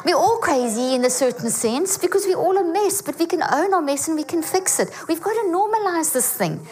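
A woman giving an energetic teaching talk to a church audience, often checking in with her listeners. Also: very high-pitched, brisk. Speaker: guest speaker. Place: church auditorium.

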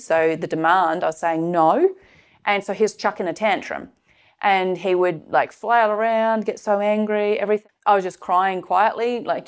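A woman's voice: on the low side, clear, resonant tone. A middle-aged woman giving a personal, confessional teaching talk, with many fillers and restarts. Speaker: course presenter sharing a personal case study.

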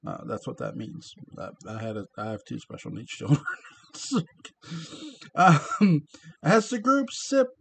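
A man's voice: lowish voice, slight background noise. A man casually reading a book aloud, stumbling on words and breaking off into chatty asides. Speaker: reader of a book. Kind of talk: casual read-aloud narration.

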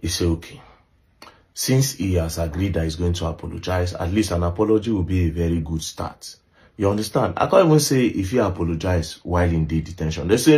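A man's voice: sits low, brisk, mellow. A young adult man with a Nigerian accent telling a story in casual talk, mixing Pidgin and English and often asking "you understand?". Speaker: social media commentator.

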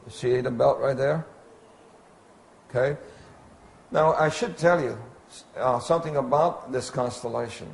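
A man giving an illustrated Bible lecture, pointing out details on slides in a slow, deliberate way. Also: medium pitch, creaky, slight background noise. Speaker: Bible teacher.

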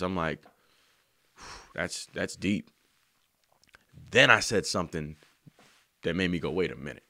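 A man telling an emotional story about writing a song, earnest and slangy, sometimes softly singing lines. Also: low voice, animated, measured pace, pauses often, no echo, clean studio sound. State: choked up. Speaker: songwriter. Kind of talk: heartfelt spoken testimony.

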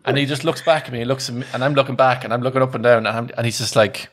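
A man's voice: mid-range voice, steady tone, rapid-fire, a bit bright, a little hiss or hum. A man co-hosting a podcast, telling a long anecdote in a casual, rambling way, often restarting sentences and laughing. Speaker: podcast co-host.

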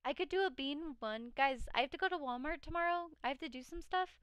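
Tired high-voiced woman streamer. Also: fairly quick, fairly bright tone, dry recording. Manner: chatty, reads chat aloud, frequent laughs. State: tired, voice cracking. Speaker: live streamer. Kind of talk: casual live-stream chat.

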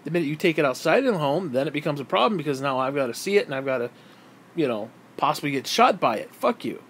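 A man's voice: fairly high pitch, lively intonation, fast, a little hiss or hum. A man giving a heated, exasperated political rant to camera, swearing freely. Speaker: vlogger.

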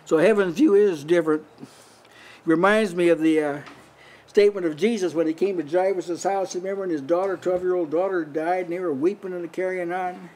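Older guy preaching in a house church, pretty high voice, chatty and laughs a lot when he quotes stuff. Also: fairly even intonation, brisk, a little mellow. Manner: conversational, breaks into lifted voice for quoted lines, frequent short laughs. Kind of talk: house church Bible teaching. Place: small house church meeting.

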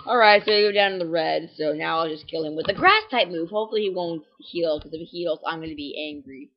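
A young man giving casual, rambling gameplay commentary, full of fillers and self-corrections, quick to get excitable, and prone to sudden voice cracks. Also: fairly high pitch, lo-fi sound. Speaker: game walkthrough commentator.

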